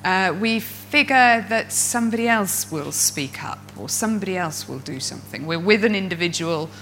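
A woman coach speaks to a room of fellow coaches in a bright, ringing voice that sits slightly low in pitch. She tells stories with expressive energy and brings the inner voices she describes to life. Faint music plays in the background. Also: normal speed, poor audio. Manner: expressive storyteller who acts out inner voices. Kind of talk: presentation to an audience of coaches.

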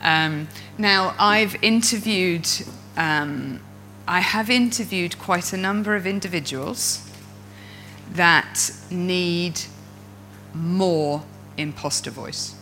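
On the low side and slow, a woman's voice tells stories with flair, performing inner voices in a talk for fellow coaches. She works as a coach and speaker. The recording is poor and has slight background noise.

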